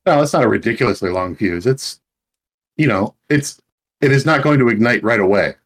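Man, tabletop player, mid pitch, easygoing, deliberate. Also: animated. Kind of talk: tabletop role-play chat.

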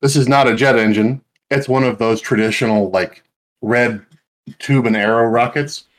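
A man playing a tabletop game, describing his character's actions in an easygoing, deliberate way. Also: mid-range voice. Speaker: player. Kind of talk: tabletop role-play chat.

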